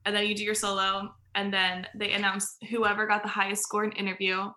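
A woman's voice: mid-range voice, monotone, fairly quick, sharp tone. A woman guest on a podcast, telling stories in casual chat, full of "like" fillers and laughing as she goes. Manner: chatty, filler-heavy storytelling with frequent laughs.

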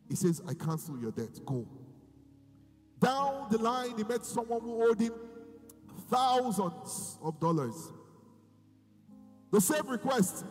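A man preaching a sermon, moving between quiet reading and loud, drawn-out cries of praise. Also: high-pitched, very animated. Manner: preaching with sudden loud, slow sung-out bursts of praise. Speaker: pastor. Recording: long hall reverb with faint music.

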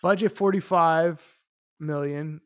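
Curious movie-podcast guy, slightly high voice. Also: slow. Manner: curious, asks lots of questions, lots of filler "like". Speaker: podcast co-host. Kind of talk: casual movie chat.

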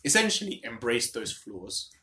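A man's voice: medium pitch, very animated, moderate pace, sharp tone, roomy sound. A young man chatting casually with a friend, blunt and joking as he gives his opinions. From India. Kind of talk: casual chat between friends.

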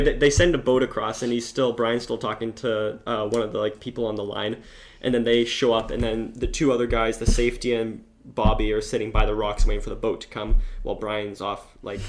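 A man's voice: on the low side, little pitch movement, a little fast, a little hiss or hum. A man telling a long story in casual chat, rambling with constant filler words and restarts.

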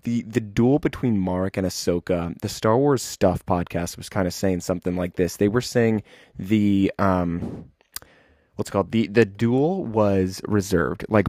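A low-pitched man talks through an episode breakdown in a loose, unscripted way, full of "um"s and restarts. He sounds like an eager fan and clears a cough every so often. The sound is dry and close, with no room echo. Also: a little mellow. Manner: rambling, many fillers and restarts; enthusiastic fan. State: keeps coughing. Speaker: show recap host.

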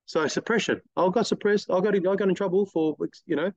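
A middle-aged man, a guest telling blunt, lively stories in an interview and acting out other people's lines. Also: high-pitched, fast talker, no room sound, highs cut off. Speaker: guest, car detailing business owner. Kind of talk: casual interview storytelling.

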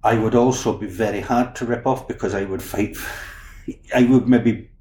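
A man's voice: lowish voice, steady tone, normal speed, mellow, slight background noise. A man, a crime novelist, chatting easily in a podcast interview and often restarting his words. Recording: roomy echo, faint background ambience.

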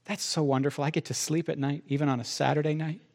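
A man's voice: fairly high pitch, steady tone, fast, vocal fry. A male pastor preaching a sermon, acting out both sides of his conversations with God.

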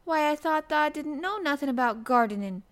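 A woman's voice: mid-range voice, a little slow, lightly acted. A woman voicing a cheerful country boy with a who talks eagerly and earnestly about plants, in an audiobook reading. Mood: excited.

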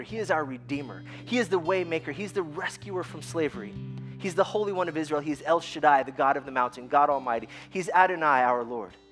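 Animated man preaching a sermon. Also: fairly high pitch. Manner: animated storytelling, repeats words when starting sentences. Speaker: pastor.

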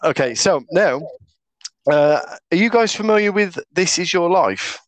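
A man's voice: high voice, lively intonation, measured pace, dry recording. A man from Britain hosting a casual podcast, upbeat and joking as he runs the segments. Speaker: podcast host. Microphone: headset or desk mic with earphones.

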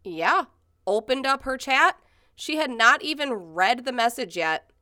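A woman's voice: high-pitched, expressive, measured pace, bright, forceful tone, no room sound, studio quality. A woman in her thirties telling stories in casual chat, rambling with many fillers and swearing freely. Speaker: podcast co-host.

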